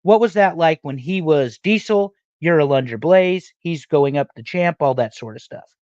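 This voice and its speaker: A man hosting a live stream, reading viewer questions in a conversational way with pauses. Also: on the high side, expressive, darkish tone, no room sound. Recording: dull lo-fi mic.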